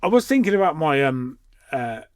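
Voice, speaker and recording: A man's voice: a little high, big pitch swings, moderate pace, no echo, studio quality. A man co-hosting a podcast in casual chat, laid-back and given to short replies. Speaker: podcast co-host.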